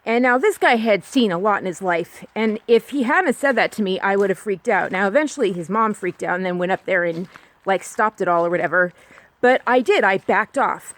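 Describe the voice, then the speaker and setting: Woman from California rambling through a personal story. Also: medium pitch. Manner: rambling, confiding, many restarts and "like". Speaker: podcast host.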